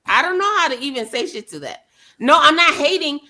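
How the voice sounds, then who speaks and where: A woman's voice: high voice, sing-song, a little fast, bright, forceful tone. A woman with a New York accent, brash, profane and teasing in a casual podcast chat.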